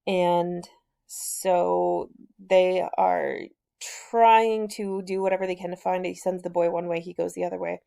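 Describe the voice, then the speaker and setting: A woman's voice: on the low side, flat delivery, measured pace, vocal fry, dark tone, clean tone. A woman hosting a book discussion, casually retelling a novel's plot in a conversational way, with loose fillers and restarts.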